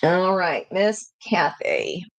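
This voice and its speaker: A woman leads a live tarot reading in an unhurried, chatty way, talking straight to the people watching and restarting her sentences. Her voice sits a little low. The sound is close and dry, with no room echo. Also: sing-song. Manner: chatty, talks straight to viewers; self-interrupting, many fillers and restarts. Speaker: tarot reader.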